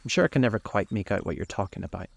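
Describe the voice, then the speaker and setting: A man's voice: lowish voice, lively intonation, rapid-fire, vocal fry, husky, dry recording, exaggerated voice. A man voicing a prim, talkative society lady who chides the men around her. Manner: chiding and prim.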